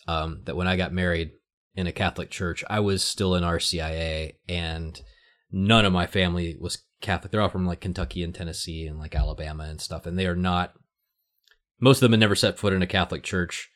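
A man's voice: low voice, fairly quick, fairly bright tone. A man on a podcast panel, telling a chatty personal story loosely, with plenty of fillers. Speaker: co-host. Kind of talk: casual anecdote.

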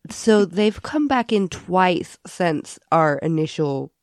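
A young woman co-hosting a podcast, chatting casually with quick asides and frequent laughs. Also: on the low side, animated, no echo, clean studio sound. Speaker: podcast co-host. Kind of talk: casual chat.

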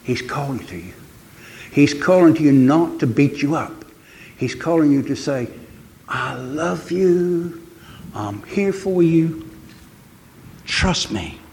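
An older man delivers a sermon with earnest conviction. He pauses often and stretches out the words he wants to land. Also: mid-range voice, a little mellow, slight background noise. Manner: earnest, pausing, slows for emphasis. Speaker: preacher.

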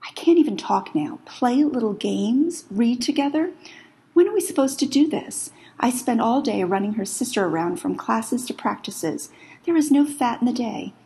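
A woman's voice: on the high side, expressive, normal speed, mellow, pitched above the performer's own voice. A woman voicing a stressed, grieving mother who fires off indignant questions. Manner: indignant, rising rhetorical questions.

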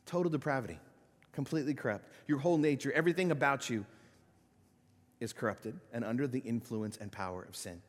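A male pastor preaching a sermon, swinging between loud emphatic peaks and quiet, low-voiced asides. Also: brisk, big-room sound. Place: church sanctuary.

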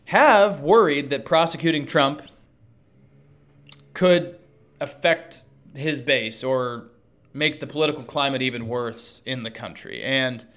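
A man delivering an earnest political commentary monologue to his viewers, measured and thoughtful, with frequent fillers. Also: medium pitch, a bit bright.

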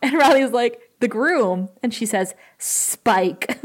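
A woman co-hosting a casual podcast, animatedly retelling scenes and acting out dialogue, quick to laugh. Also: on the high side, animated. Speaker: podcast co-host. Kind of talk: casual recap chat.

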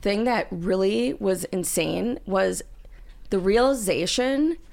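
A woman's voice: mid-range voice, slow, vocal fry, a little mellow. A woman co-hosting a casual podcast, telling a story animatedly and acting out her own panicked lines. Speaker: podcast co-host.

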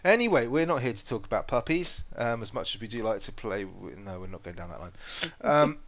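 A man's voice: on the low side, lively intonation, a little fast, a bit bright. A man hosting a podcast in a casual, teasing, jokey chat. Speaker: podcast host. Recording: dull lo-fi podcast audio.

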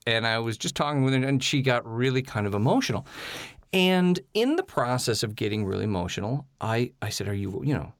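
Male host, filler-heavy storyteller, animated delivery, dry mic. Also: mid-range voice, fairly quick, no room sound. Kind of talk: candid storytelling chat.

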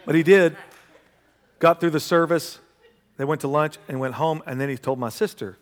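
A pastor preaching a sermon, telling stories and building to loud, emphatic passages. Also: male voice, fairly high pitch, moderate pace. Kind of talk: sermon with storytelling. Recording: long hall reverb.

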